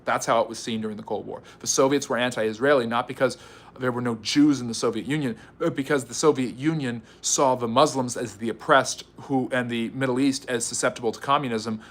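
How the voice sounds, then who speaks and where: An American man hosting a live history stream, reading out viewer comments and answering them in a quick, chatty, teasing way with frequent fillers. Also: mid-range voice, a bit bright. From United States. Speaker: history channel livestream host.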